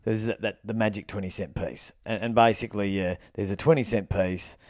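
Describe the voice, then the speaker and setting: An Australian man co-hosting a podcast, chatty in casual banter and quick to chime in with agreement. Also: lowish voice, fairly even intonation, no echo, studio quality. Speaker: podcast co-host.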